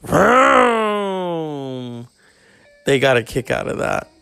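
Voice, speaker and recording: A man's voice: a little slow, gravelly, dry recording. A man in his forties rambling and ranting in a profane monologue, often swearing and mocking people. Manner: ranting, swearing, mocking others in high put-on voices.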